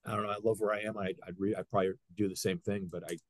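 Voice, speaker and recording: A middle-aged man, a high school wrestling coach, telling stories in a casual interview with lots of restarts. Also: very fast. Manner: animated storyteller, frequent restarts.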